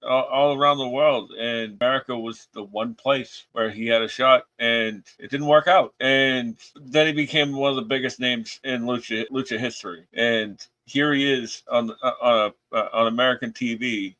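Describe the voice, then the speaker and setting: A man's voice: medium pitch, steady tone, normal speed, sharp tone, dry recording. A man co-hosting a wrestling podcast in casual chat, loose and rambling, with frequent stammers. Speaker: podcast co-host. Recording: dull lo-fi mic.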